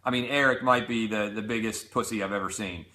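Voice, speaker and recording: A man's voice: lowish voice, fairly even intonation, brisk, pushed and bright. A man hosting a show, reading out hostile messages aloud with sarcastic, profane mockery. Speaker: host. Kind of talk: reading out hate tweets.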